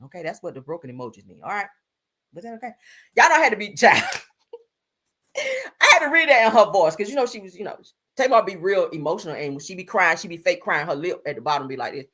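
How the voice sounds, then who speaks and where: A woman's voice: on the low side, big pitch swings, quick pace, a bit bright. A woman hosting a live stream, giving blunt, sassy gossip commentary and calling her viewers "honey" and "girl.".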